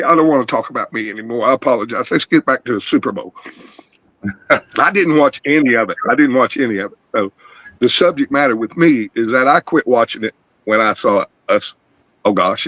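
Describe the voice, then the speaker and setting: A man's voice: medium pitch, no echo, low-quality recording. A middle-aged man, earnestly telling a rambling personal testimony on an open video call panel. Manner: rambling, earnest, animated storytelling. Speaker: guest caller.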